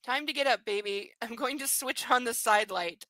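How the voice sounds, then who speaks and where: A woman voicing a controlling wealthy young man in a storybook reading, speaking low and coaxing. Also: normal speed, pushed and bright, dry recording, rough recording.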